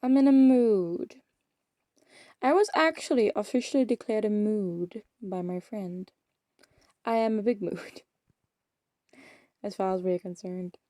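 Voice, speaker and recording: A woman's voice: medium pitch, takes it slowly, pauses often, dark tone, dry recording, studio quality. A young woman of eighteen, chatting in a rambling, self-deprecating way in a casual vlog. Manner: rambling, self-deprecating, often trails off into mumbles. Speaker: vlogger. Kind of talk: rambling casual vlog chat while playing a game.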